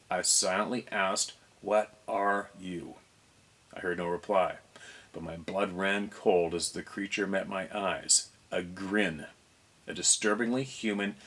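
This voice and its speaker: A man hosting a show reads a first-person story aloud without hurrying, occasionally stopping to reread or correct a slip. His voice is deep, with a bright, forceful tone.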